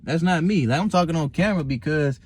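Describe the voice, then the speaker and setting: A young man's voice, on the high side and slightly rough, comes quickly as he vlogs from his car at night. Though calm and reflective, he rambles with many fillers and restarts and swears freely in this casual talk to camera.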